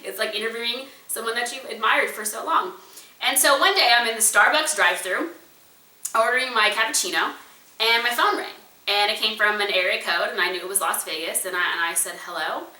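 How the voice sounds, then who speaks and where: A woman entrepreneur and speaker telling a personal story to an audience in an animated, conversational way. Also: fairly high pitch, fairly quick, far from the mic. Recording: roomy echo, voice a bit away from the mic.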